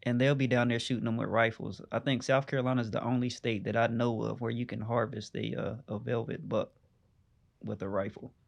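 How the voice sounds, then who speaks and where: Easygoing male host with a gravelly voice, mid-pitched. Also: little pitch movement, a little fast. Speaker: podcast host. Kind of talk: casual interview.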